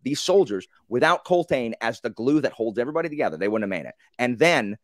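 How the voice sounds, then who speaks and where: A man in a casual group book discussion, telling the story with animated, acted-out reactions and many fillers. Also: mid-range voice, fast, no room sound, clean studio sound.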